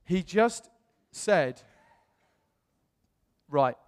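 A man, a pastor, telling a personal story in a sermon in a chatty, animated way. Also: high-pitched, drawn-out words, clear, resonant tone, big-room sound. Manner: chatty storytelling, animated voices when quoting others.

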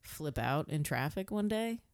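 A woman's voice: low-pitched, very animated, unhurried, a little mellow, dry recording, studio quality. A woman from New co-hosting a podcast, chatting frankly and laid-back, swearing casually. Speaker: podcast co-host. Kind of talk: casual chat.

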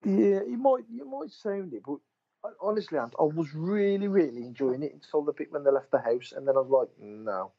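A man's voice: on the high side, expressive, a little fast, creaky, dull audio. A man, casually chatting as a podcast co-host, rambling through stories, swearing freely and retelling what he said to his mate. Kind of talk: casual chat.

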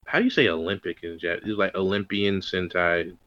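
A man's voice: low voice, steady tone, brisk, fairly bright tone, no room sound, highs cut off. A man co-hosting a podcast, rambling in casual chat about old TV shows. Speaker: podcast co-host.

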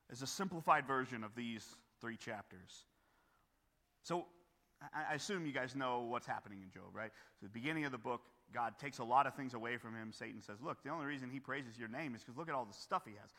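A man preaching a sermon as pastor, earnest and building to forceful emphasis, with frequent restarts and rhetorical questions. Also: mid-range voice, a little fast. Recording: long hall reverb.

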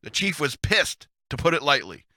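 A man's voice: on the high side, sing-song, moderate pace, bright, forceful tone, no echo, studio quality. A man hosting a casual storytelling session of Navy tales, who chuckles often and adds chatty asides. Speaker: host reading Navy stories.

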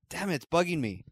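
A young man co-hosting a podcast in casual chat, animated and often hunting for the right words. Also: a little high, breathy edge, no echo, clean studio sound. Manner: animated, searching for words, laughs easily. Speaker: podcast co-host.

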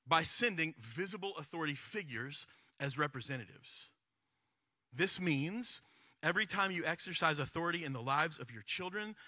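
A man's voice: a little high, bright, forceful tone, dry recording. A man preaching a sermon in a candid, conversational, self-deprecating way. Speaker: pastor.

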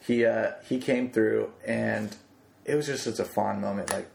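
A man's voice: lowish voice, fairly even intonation, normal speed, creaky, darkish tone, a little hiss or hum. A young man co-hosting a podcast, telling a story in a laid-back, slangy way and laughing easily. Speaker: podcast co-host. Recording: roomy echo.

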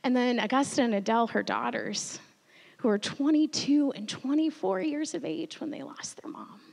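A woman in her thirties preaching a sermon, telling a personal story earnestly and growing quietly emotional at times. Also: fairly high pitch, normal speed, vocal fry. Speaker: pastor. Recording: long reverb of a large hall.

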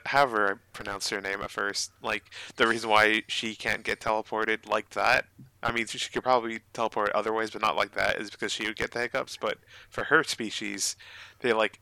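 A man's voice: lowish voice, gravelly, sharp tone, clear, resonant tone, no room sound. A man playing a tabletop game, chatting and rambling with frequent laughs. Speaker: player. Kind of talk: casual tabletop play.

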